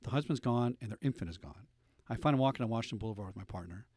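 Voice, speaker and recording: A middle-aged man hosting a radio talk show, telling police stories with lively animated delivery. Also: mid-range voice, racing, dry recording, clean studio sound. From United States. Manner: animated storyteller, acts out voices in anecdotes.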